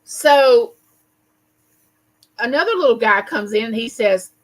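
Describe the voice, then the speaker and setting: Bright-voiced woman telling stories live. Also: on the high side, moderate pace, rough recording. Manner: animated storyteller, greets viewers warmly by name. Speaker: livestream host. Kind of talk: casual livestream chat and storytelling.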